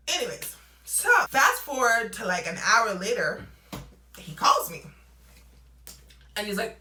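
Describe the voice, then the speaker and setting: A young woman telling a storytime vlog, animated and acting out both sides of phone calls in a casual way. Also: medium pitch, a little slow, long pauses, reverberant, low-quality recording.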